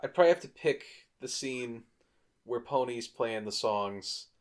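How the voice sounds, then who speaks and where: Animated, foul-mouthed man chatting movies. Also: medium pitch, measured pace. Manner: animated storyteller, swears freely. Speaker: podcast co-host. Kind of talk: casual movie-review chat.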